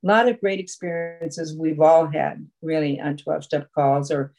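A woman's voice: sits low, steady tone, normal speed, vocal fry, darkish tone, poor audio. A woman telling a long personal story at a support group meeting over a video call, rambling and full of fillers. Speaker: recovery meeting speaker.

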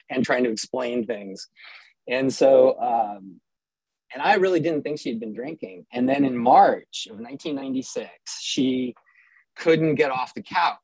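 A man's voice: medium pitch, vocal fry, husky, no room sound, low-quality recording. A middle-aged man from Southern California telling a personal story with wry, self-mocking humor and frequent restarts.

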